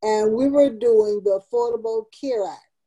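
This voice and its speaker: Lady in her 70s telling her life story, earnest and emotional, higher voice but mellow. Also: normal speed, poor audio. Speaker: guest, community founder. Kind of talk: personal storytelling interview.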